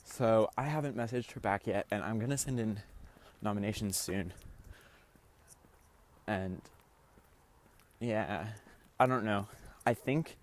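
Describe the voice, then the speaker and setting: A man's voice: lowish voice, slow pace, pauses often, low-quality recording. A man recording a confessional diary vlog from his bedroom, rambling through his game strategy with lots of fillers. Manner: rambling, filler-heavy storytelling; talks quietly to avoid waking parents. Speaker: online game contestant.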